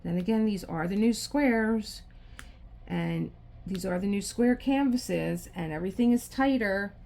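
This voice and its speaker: A middle-aged woman hosts a casual crafting video, muttering and complaining to herself as she works. Her voice has a gravelly, creaky edge at an ordinary mid pitch. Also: unhurried, dark tone. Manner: frustrated, talking to herself while working. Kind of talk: casual crafting chat to camera.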